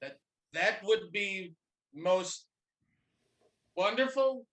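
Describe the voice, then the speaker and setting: A man doing an improv bit as a stiff, logical Vulcan gardener, formal and halting. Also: high-pitched, expressive, fairly bright tone, full character voice, rough recording. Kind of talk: improv comedy scene.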